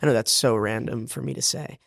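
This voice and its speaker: A young stage actor from Boston, with a slight Boston accent, chats casually as a podcast guest, laughing a lot and speaking in fillers and restarts. His mid-range voice is gravelly and a bit bright, with fairly even intonation and a slightly fast pace. The studio sound is clean, with no room sound.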